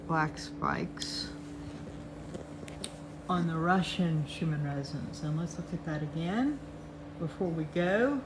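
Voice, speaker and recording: Older woman, slow chatty talk, cheerful, faint room hum behind. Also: lowish voice. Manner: chatty, cheerful, talks sweetly to her cats. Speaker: host of a chart update show. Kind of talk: casual chat reviewing charts.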